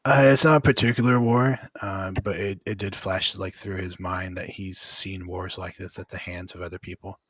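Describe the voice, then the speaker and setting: Deep husky-voiced male game master. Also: fairly even intonation, a bit bright. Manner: slow, dramatic scene-setting. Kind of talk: narrating a tabletop game.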